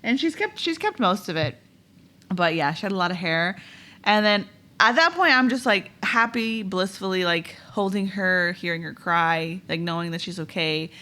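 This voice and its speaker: A young woman co-hosting a podcast, talking softly and reflectively in casual chat. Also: on the low side, expressive, moderate pace. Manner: soft, reflective, laughs often. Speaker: podcast co-host, new mother. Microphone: podcast microphone.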